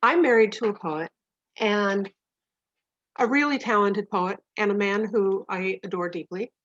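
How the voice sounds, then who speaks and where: A woman's voice: medium pitch, measured pace, dry recording. Woman in her 60s, casual co-host, gushing and laughing, dry close sound, dull video-call audio. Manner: warm, gushing, laughs often. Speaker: co-host, poet's wife. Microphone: computer mic on video call.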